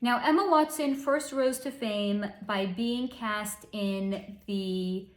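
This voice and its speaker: Speaking slowly in a mid-range voice, a woman hosts a psychic channel, giving a casual reading in a snarky, sarcastic, and profane manner. The room has an echoey sound.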